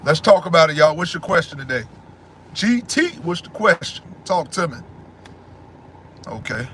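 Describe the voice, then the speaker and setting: A man hosting a casual livestream, answering his chat in a loud, preachy way and repeating phrases. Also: fairly high pitch, sing-song, moderate pace, a little hiss or hum.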